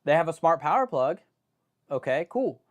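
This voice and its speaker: A man's voice: fairly high pitch, sing-song, normal speed. A young man hosting a live stream, chatting casually and rambling through joking asides and self-interruptions.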